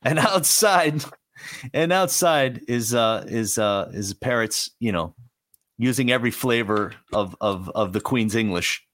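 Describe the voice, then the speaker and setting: A man's voice: mid-range voice, expressive, unhurried, a bit bright. A man from Florida, a guest on a podcast, trading playful jokes in casual banter. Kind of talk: casual chat.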